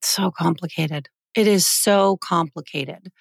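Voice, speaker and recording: Earnest woman in her forties, gravelly voice. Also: on the low side, takes it slowly, dry recording, clean studio sound. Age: 40s. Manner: earnest, emotional, heartfelt. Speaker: podcast co-host. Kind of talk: casual podcast conversation.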